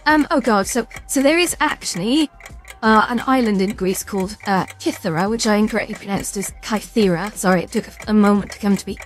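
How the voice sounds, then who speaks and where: A woman's voice: medium pitch, a little fast, soft background music. A young British woman streaming a quiz game, chatting casually, reading questions aloud and stumbling over hard words with a self-mocking, swearing manner.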